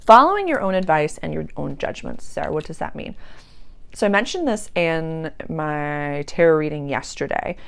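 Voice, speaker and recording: Chatty woman with a gravelly low voice. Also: normal speed. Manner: chatty, animated, acts out quoted voices. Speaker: spiritual coach and channel host. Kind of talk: casual spiritual talk.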